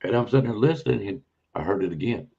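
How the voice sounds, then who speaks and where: A man's voice: fairly low pitch, lively intonation, fast talker, vocal fry, mellow. A man, a podcast guest telling a rambling, folksy encounter story in a casual way. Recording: dull lo-fi audio.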